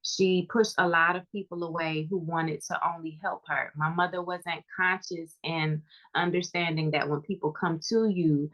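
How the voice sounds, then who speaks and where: A woman's voice: lowish voice, fairly even intonation, moderate pace, hardly any pauses, highs cut off. A woman guest on a podcast, talking earnestly and reflectively about her family.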